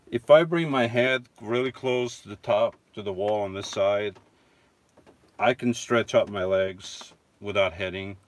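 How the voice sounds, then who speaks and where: A man casually chatting on a live stream from inside his van, reading viewer comments and answering in a rambling, self-correcting way with chuckling asides. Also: lowish voice. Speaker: vlogger reading live chat.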